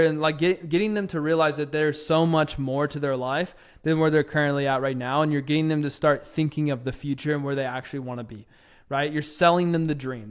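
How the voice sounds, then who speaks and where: A young man in his twenties runs a relaxed spoken lesson with a slightly higher voice. He leans on fillers and keeps stepping into quick acted exchanges between seller and client. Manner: filler-heavy and conversational, acting out client dialogue. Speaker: copywriting course instructor.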